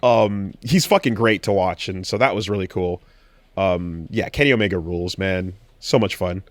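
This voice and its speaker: A man co-hosting a podcast in casual chat, telling an excited story with animated quoted cries and frequent swearing. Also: deep voice, moderate pace, dry recording. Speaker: podcast co-host.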